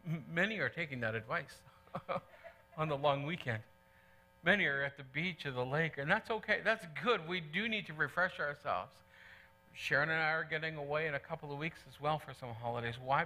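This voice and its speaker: Bright, high-voiced preaching man. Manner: earnest, conversational preaching with repeated phrases. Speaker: pastor. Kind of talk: sermon. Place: church.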